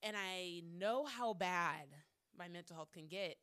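A woman's voice: lowish voice, measured pace, a bit bright, clear, resonant tone. A woman hosting a solo podcast monologue, talking candidly with frequent swearing and repeating lines for emphasis. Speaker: podcast host.

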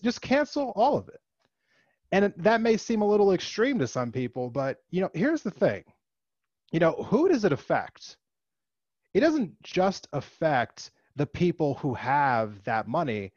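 A man's voice: a little high, no room sound. Impassioned man ranting, dry muffled sound. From United States. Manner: impassioned, rising to emphatic outbursts; frequent fillers like "you know" and "like". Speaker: political commentator. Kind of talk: opinion monologue.

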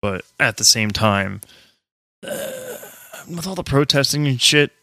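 A man's voice: mid-range voice, huge pitch swings, a little slow, sharp tone, no room sound, studio quality. A man in casual podcast chat who rants with heavy swearing and laughs often. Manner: profane, ranting, laughs often.

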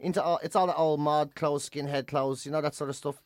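A man's voice: fairly high pitch, fairly even intonation, brisk, no echo. A man hosting a casual chat, joking and slipping into playful put-on voices. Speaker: podcast host.

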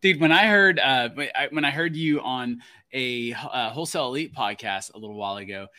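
A man co-hosting a podcast, excitable and quick to laugh and swear in surprise. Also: medium pitch. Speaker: podcast co-host. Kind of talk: casual podcast interview.

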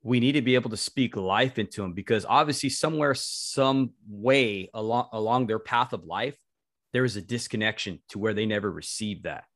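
A male podcast host answers his guest in a soft, affirming tone and draws out his phrases. His voice sits lowish. The recording is dry and close. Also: moderate pace, no echo. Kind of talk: casual interview chat.

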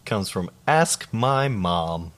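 A young man co-hosting a podcast, reading listener stories aloud in a casual, deadpan way, swearing freely and laughing now and then. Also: fairly low pitch, takes it slowly. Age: young adult.

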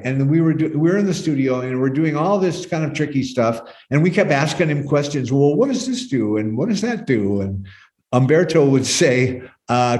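An older man in an interview, spinning loose, wandering stories about old studio days. His voice has a medium pitch and sits in a roomy, echoey space. He slips into quick quoted voices of the people he talks about. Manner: rambling, quoting others in lively bits. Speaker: musician guest. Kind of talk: relaxed anecdotal storytelling.

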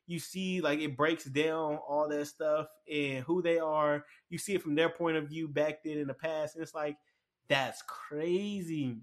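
A man chatting casually and excitedly about a show, rambling with lots of fillers and restarts. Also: fairly high pitch. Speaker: anime commentator. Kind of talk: casual chat.

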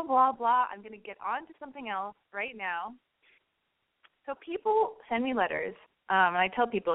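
A woman's voice: mid-range voice, no echo, phone-quality sound. Gushing, swearing woman podcast host. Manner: gushing, swears a lot, rambling. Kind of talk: casual podcast chat.

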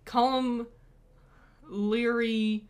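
A woman's voice: fairly high pitch, level tone, very slow, clear, resonant tone. A woman co-hosting a casual podcast, chatty and laughing often as she talks. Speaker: podcast co-host. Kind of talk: casual chat.

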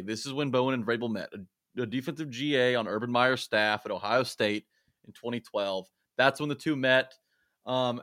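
A man's voice: mid-range voice, fairly bright tone, dry recording, studio quality. A man co-hosting a sports podcast, explaining at length with many fillers and restarts. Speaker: podcast co-host. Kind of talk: casual sports podcast analysis.

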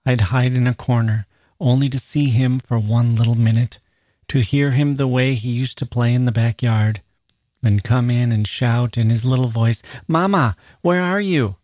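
A man's voice: mid-range voice, moderate pace, a little mellow, dry recording, lightly acted. A man reading aloud as a grieving peasant mother, in a plain, slightly raised delivery. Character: grieving peasant mother, middle-aged woman.

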